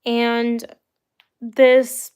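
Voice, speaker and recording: This young adult woman from the United States hosts a livestream, telling live viewers rambling personal stories in a casual, chatty way with the occasional laugh. Her voice is a little high, a little mellow and clean-toned, but her delivery is completely flat and extremely slow.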